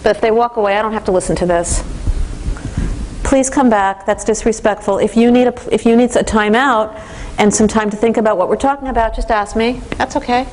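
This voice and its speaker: A woman giving a parenting training lecture in an animated way, acting out the voices of teens and parents. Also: on the high side, fairly quick, a little hiss or hum.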